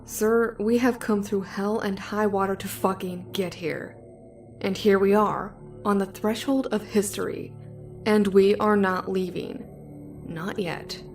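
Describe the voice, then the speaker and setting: A woman's voice: medium pitch, fairly even intonation, unhurried, a little mellow, soft background music, close to an everyday voice. A woman voicing a stubborn male spaceship crewman who curses bluntly and defies his captain. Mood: defiant. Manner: blunt, cursing, defiant.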